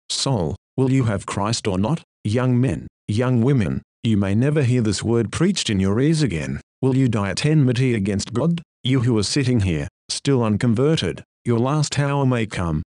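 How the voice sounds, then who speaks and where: A man preaches a sermon in a solemn, pleading way, pressing his listeners with question after question. His voice sits at an ordinary male pitch. The recording is close and dry. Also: darkish tone, no echo.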